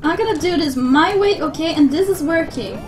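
A woman's voice: very high voice, normal speed, soft background music. A young woman streaming a platform game live, swearing freely and talking to her chat. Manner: swearing, excitable, talks to chat. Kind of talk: live gameplay commentary.

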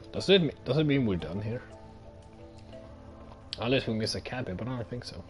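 A man giving casual, excitable gameplay commentary, thinking aloud and swearing often, his throat a little strained. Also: medium pitch, a little fast, long pauses, faint music behind. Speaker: gaming let's-player.

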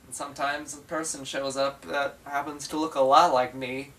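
A young man hosting a comedic solo vlog, playfully bickering with himself and jumping into higher voices. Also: flat delivery, moderate pace, a bit bright, recorded from a distance. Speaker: vlogger.

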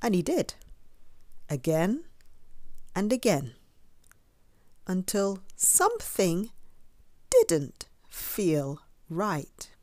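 A woman reading a children's picture book aloud, expressive and stopping to ask the listener questions. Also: fairly low pitch, very slow, pauses often, dry recording, clean studio sound. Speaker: storyteller. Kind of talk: children's story read-aloud.

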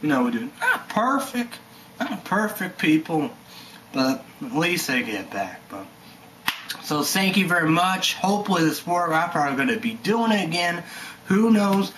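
A man's voice: high voice, very animated, normal speed, a bit bright, a little hiss or hum, poor audio. A man giving a rambling, heated vlog rant, swearing and leaning on "you know" and "stuff like that". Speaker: energy drink reviewer vlogger.

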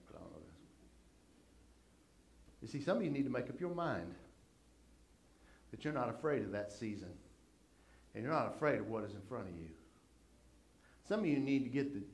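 A man's voice: medium pitch, big pitch swings, a little fast, pauses often. An older man, preaching a sermon and telling folksy stories about his family in a conversational way. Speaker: pastor. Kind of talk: sermon storytelling.

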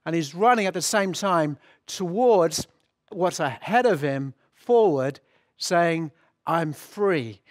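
A man's voice: on the high side, lively intonation, takes it slowly, no room sound. Earnest preaching man, dry sound. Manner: earnest, explanatory preaching with frequent restarts. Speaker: pastor. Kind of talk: sermon.

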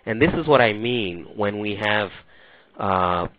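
A man's voice: on the low side, expressive, measured pace, a little hiss or hum. A man being interviewed as an author, explaining his views in an articulate way. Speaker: author, guest. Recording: dry tinny phone line.

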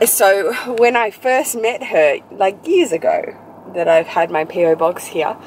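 A woman's voice: medium pitch, low-quality recording. Chatty woman vlogging from a car. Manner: chatty, rambling, quick asides. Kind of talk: casual vlog chat to camera. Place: inside a car. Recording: steady background noise.

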